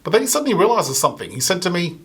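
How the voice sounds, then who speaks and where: A male stand-up comedian performs a long storytelling bit in a high, very fast voice with big pitch swings and a fairly bright tone. He acts out the people in his story, slipping into a raised voice for their lines.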